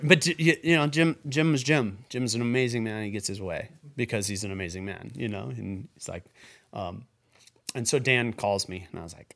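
A man's voice: fairly low pitch, normal speed, gravelly. Guy rambling through a story, lots of um and you know, acts out the quotes. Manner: rambling, animated retelling with quoted voices. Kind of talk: casual storytelling.

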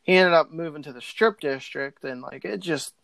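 A man's voice: fairly high pitch, normal speed, vocal fry, a bit bright, dry recording. A man in casual chat, rambling with many likes and ums. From Pittsburgh area.

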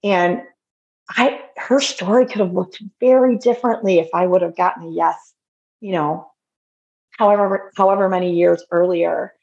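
A woman in her fifties tells a personal story in a relaxed, conversational way. Her speech is lively and packed with casual fillers. The recording sounds dull and lo-fi. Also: lowish voice, normal speed, gravelly. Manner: lively storyteller, many fillers like "like" and "you know". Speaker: podcast guest.

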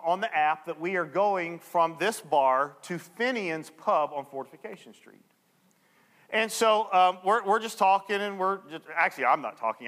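A male pastor preaching a sermon, telling a story and acting out the people in it with lively energy. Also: on the high side, big-room sound. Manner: animated storyteller acting out dialogue.

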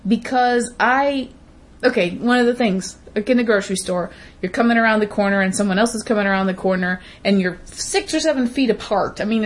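A woman co-hosting a podcast, ranting bluntly and emphatically in casual chat, with frequent swearing. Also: a little high. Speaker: podcast co-host.

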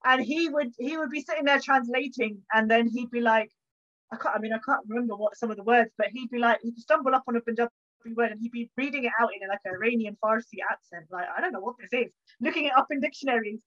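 A woman historian speaks from her home with a fairly high voice, animated and chatty as she tells stories. She acts out the little exchanges she describes. The audio is dull and lo-fi. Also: fast talker. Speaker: historian guest. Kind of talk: conversational interview. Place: home, bookshelf behind her.

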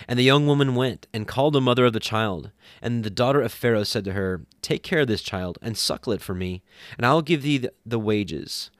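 A man reading scripture aloud at a steady pace, sometimes correcting himself. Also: fairly low pitch, dry recording. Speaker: scripture reader.

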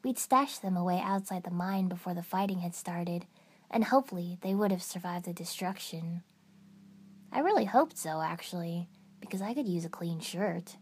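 A woman narrating a first-person fan fiction story in an even storytelling manner. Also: lowish voice, slight background noise. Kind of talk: fan fiction audiobook reading.

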